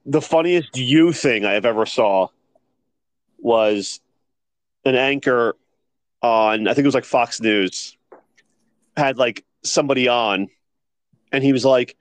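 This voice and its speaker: A man co-hosting a podcast, recorded close and dry with no room sound at all. His voice sits in a middle pitch range, and he tells stories with animated energy, always ready with a firm opinion. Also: slow, long pauses, dry recording. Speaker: podcast co-host. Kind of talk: casual chat.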